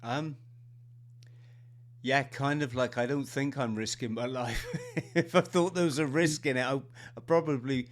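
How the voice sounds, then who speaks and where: A middle-aged man hosts a podcast in casual conversation, talking in stops and starts with an animated lift and small laughs between phrases. His voice sits at an ordinary pitch for a man. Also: a little slow. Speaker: podcast host. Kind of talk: casual interview chat.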